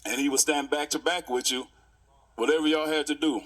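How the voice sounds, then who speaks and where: A man in his sixties, a pastor, giving a heartfelt memorial tribute and reminiscing in stories with many pauses. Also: fairly high pitch, steady tone.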